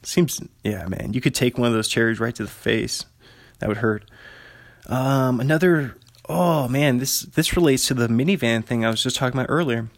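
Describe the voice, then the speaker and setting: On this dry recording, a man's creaky voice sits at a medium pitch and moves at a moderate pace. He's a thirtysomething from Washington State hosting a podcast by himself, casually chuckling his way through long, tangent-filled stories.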